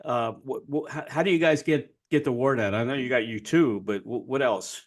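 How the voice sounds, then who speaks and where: A man's voice: medium pitch, brisk. Older male podcast host. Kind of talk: interview. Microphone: video call.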